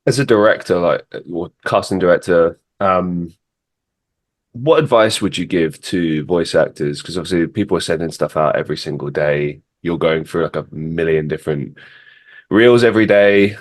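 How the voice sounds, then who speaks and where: A man with a very low, deep voice hosts a podcast in an easygoing chat. He talks thoughtfully, rambling and circling back with restarts as he works through his points. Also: moderate pace. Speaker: podcast host. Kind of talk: casual interview chat.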